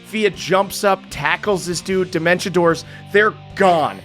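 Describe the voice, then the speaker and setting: A man narrating a tabletop game as game master, casual and energetic, with many fillers. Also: high-pitched, measured pace, soft background music.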